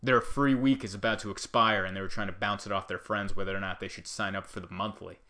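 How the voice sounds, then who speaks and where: A man's voice: lowish voice, quick pace. Rambling comic man riffing. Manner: rambling, animated, riffing with asides. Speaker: comedian. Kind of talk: comedic monologue.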